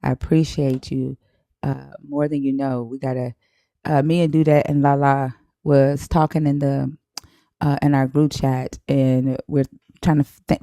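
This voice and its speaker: A woman's voice: a bass voice, warm tone, dry recording, studio quality. Laid-back Southern woman streamer. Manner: chatty, laughs often, drawls at times. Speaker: live stream host. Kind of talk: casual live stream chat.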